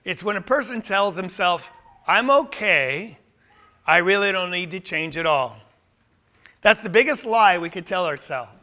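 A man preaching a sermon with a high, bright voice. He speaks emphatically, climbing to forceful peaks, and often repeats words or restarts a phrase as he goes. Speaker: pastor.

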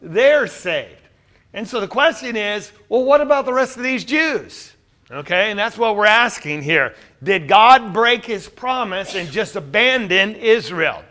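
A man's voice: high-pitched, expressive, measured pace, bright, forceful tone. A man teaching a Bible class, quizzing his listeners with questions and then answering them himself.

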